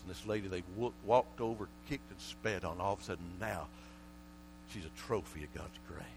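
A male preacher delivering a sermon, swinging from quiet, low passages to loud shouted calls and often repeating words. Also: normal speed. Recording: mains hum under the voice.

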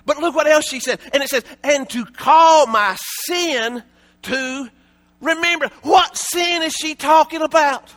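A man preaching a sermon with passion, often raising his voice to a shout and repeating words in quick bursts. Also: very high voice.

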